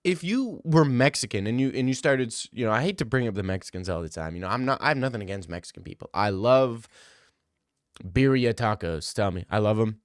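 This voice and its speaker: A man's voice: medium pitch, animated, fairly quick, no echo, clean studio sound. A young man streaming, reading live comments in joking, rambling casual chat.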